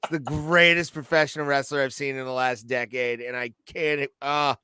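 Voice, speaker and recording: Male podcaster, excitable, profane, bright clear tone. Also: medium pitch, normal speed, no room sound, studio quality. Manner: excitable, laughing, profane banter. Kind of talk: casual chat.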